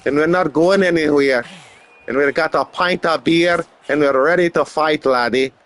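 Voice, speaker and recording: A man's voice: fairly high pitch, normal speed, a bit bright, voice pushed up, close to an everyday voice. A man voicing a rowdy, beer-loving brawler in a put-on Scottish accent, boisterous and bragging. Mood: rowdy boastful. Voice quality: boisterous, ends lines with "laddie".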